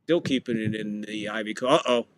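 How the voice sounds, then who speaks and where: In a fairly low voice, slightly fast, this podcast host calls a football match live and casually on a dry recording. He's jokey and deliberately stumbles over foreign names for laughs.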